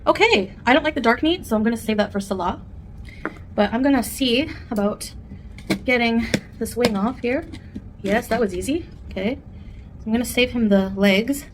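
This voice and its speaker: A woman's voice: a little high, moderate pace, pauses often, background noise. A woman vlogger chatting candidly at home while eating, rambling from one thought to the next in a casual mukbang. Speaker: food vlogger.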